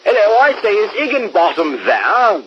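A man voicing a mischievous male philosopher making prank calls, in a high, mock-polite voice over a muffled old radio broadcast. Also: sing-song, moderate pace, slightly rough, exaggerated voice.

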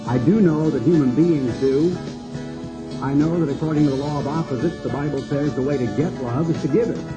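An older man preaching a sermon, slow and cadenced, building long repeated lists. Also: fairly high pitch, music in the background, poor audio.

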